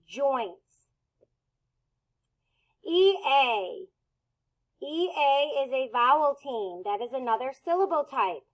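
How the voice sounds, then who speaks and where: A woman teacher walks young children through a phonics lesson. She sounds out each letter slowly and deliberately, in a slightly high, unhurried voice. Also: fairly bright tone, poor audio.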